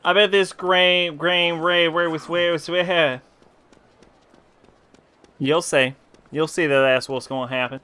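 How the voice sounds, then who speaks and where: A tipsy man streaming a game, hamming up a southern country drawl as he reads the lines and curses casually. His voice sits a little high for a man, with a bright, clear, crisp tone that cuts through. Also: fairly even intonation, moderate pace, few pauses. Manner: puts on a southern country drawl, swears freely. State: tipsy from drinking. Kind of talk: casual live gameplay commentary, reading game dialogue aloud.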